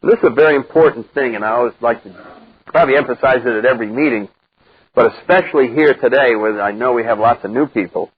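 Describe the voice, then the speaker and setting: An older man speaking to a live recovery group, blunt and wry, acting out the voices he quotes in a lively way. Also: medium pitch, quick pace, husky, no echo. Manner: animated storyteller who acts out quoted voices, wry and blunt. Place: meeting room with a live group. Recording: dull lo-fi 1990s cassette recording.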